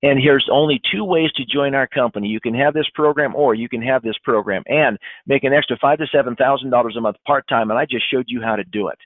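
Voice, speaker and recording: A man's voice: mid-range voice, fast talker, few pauses, no room sound. Emphatic man on a tinny webinar line. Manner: emphatic, animated, acts out client replies. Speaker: sales trainer. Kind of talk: sales training webinar. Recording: dry, phone-like webinar audio.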